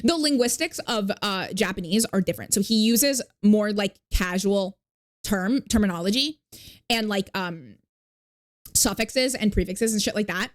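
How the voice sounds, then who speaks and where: A woman's voice: mid-range voice, unhurried. A woman streamer chatting casually with her viewers. She rambles with lots of fillers, swears freely and stops to thank new followers. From not New York. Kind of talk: casual live-stream chat.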